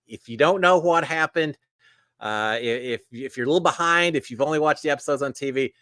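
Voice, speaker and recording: A man's voice: on the high side, fairly quick, sharp tone, no echo. A middle-aged man, hosting a casual live stream and greeting viewers one by one in a folksy way. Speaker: live show host. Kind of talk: casual livestream chat.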